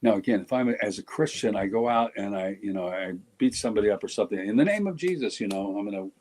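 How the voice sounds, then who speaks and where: A man's voice: fairly low pitch, lively intonation, fast talker, a little mellow, low-quality recording. A middle-aged man talking on a podcast in a blunt, joking way, often breaking off and restarting his sentences. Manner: blunt, joking, self-interrupting. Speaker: podcast guest speaker. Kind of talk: casual podcast discussion.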